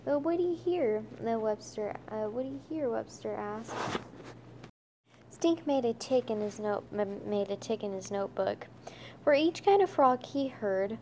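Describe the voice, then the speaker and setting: A woman reading a children's chapter book aloud, stumbling and restarting often, with a slight lift in pitch for characters' lines. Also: expressive, noisy background. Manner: halting, stumbling reading with many restarts and fillers.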